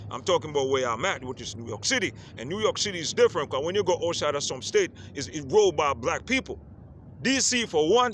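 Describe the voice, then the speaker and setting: A man raised on a Caribbean island vlogs to the camera in a fairly high, slightly bright voice, keeping up a casual monologue. He keeps asking "you understand?" while faint street noise drifts in outdoors.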